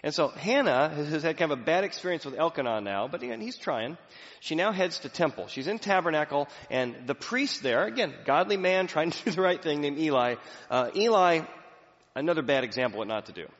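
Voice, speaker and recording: A man's voice: a little high, brisk. Male pastor preaching in an echoey hall. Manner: conversational storytelling, animated. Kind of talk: sermon. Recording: echoey hall, dull lo-fi sound.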